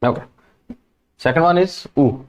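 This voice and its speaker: A man teaching French question words in a slow, patient lesson, repeating each word and example. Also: on the high side, a little mellow. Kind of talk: language lesson.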